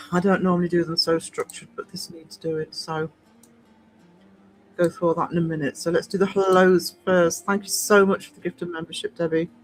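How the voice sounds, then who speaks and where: A man's voice: high-pitched, little pitch movement, normal speed, a little hiss or hum, rough recording. A man hosting a casual live stream, chatting and greeting viewers by name, with a cough now and then.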